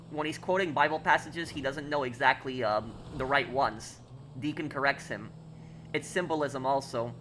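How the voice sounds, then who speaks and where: Man, game streamer, bright forward tone, rambling with fillers, faint room ambience. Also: a little high, slight background noise. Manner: rambling, many fillers and restarts, reading chat aloud. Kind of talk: casual live-stream chat while gaming.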